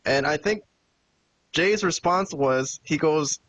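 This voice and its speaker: A man's voice: a little high, slow pace, low-quality recording. A man hosting a podcast, casually recapping a wrestling show and acting out the quoted lines as he tells it. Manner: animated retelling with quoted dialogue. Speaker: podcast host.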